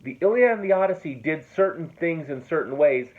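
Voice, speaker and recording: A man's voice: a little high, lively intonation, brisk. A man teaching a classroom lecture in a loose, conversational way, checking in often with his students. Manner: casual and conversational, checks in with "okay?" and "right?". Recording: tinny phone-like classroom recording.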